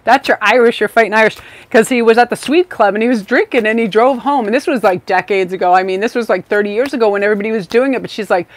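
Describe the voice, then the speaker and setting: A woman leads a live tarot reading in a voice pitched a little high. She talks in an effusive, rambling way, full of fillers and gushing asides. The sound is dry and close, with little room in it. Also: quick pace, hardly any pauses, no room sound. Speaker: tarot reader hosting a live stream.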